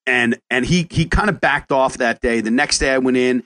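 A chef hosting a podcast chats casually, telling stories in an animated, profane way and frequently stumbling into restarts. His voice is mid-range and his pace moderate.

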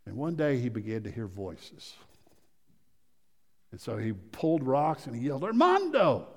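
A man's voice: mid-range voice, expressive, normal speed, creaky. Man preaching in an echoing church hall. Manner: swings between loud emphasis and hushed, quiet storytelling; repeats phrases and restarts mid-sentence. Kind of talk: sermon. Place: church sanctuary. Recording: long reverb of a church hall.

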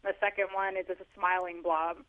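A man's voice: high voice, level tone, a little fast. A man author chatting on the phone about parenting, telling funny stories with self-deprecating humor. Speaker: author guest. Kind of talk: casual phone interview. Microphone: telephone. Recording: tinny phone line.

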